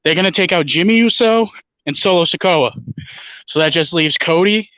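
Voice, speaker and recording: High, bright-voiced emphatic male guest. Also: normal speed, no echo, dull audio. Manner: emphatic, confident, swears freely. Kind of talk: casual chat.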